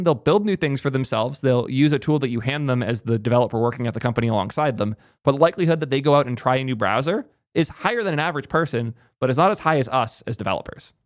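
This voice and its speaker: A man's voice: medium pitch, dry recording, studio quality. A young man hosting a tech channel, giving opinionated, emphatic commentary in a ranting style. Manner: emphatic, ranting, rapid asides. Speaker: tech YouTuber host.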